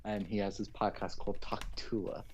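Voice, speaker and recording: A man's voice: fairly low pitch, little pitch movement, normal speed, a little mellow, a little hiss or hum. Rambling, joking young man. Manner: rambling, joking, swears, acts out silly cartoon voices. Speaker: co-host. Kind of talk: casual chat between friends.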